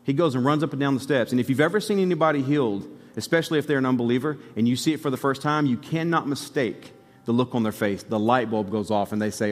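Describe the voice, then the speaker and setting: A male pastor preaching a sermon, telling a story and building to excited exhortation. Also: mid-range voice, quick pace, big-room sound.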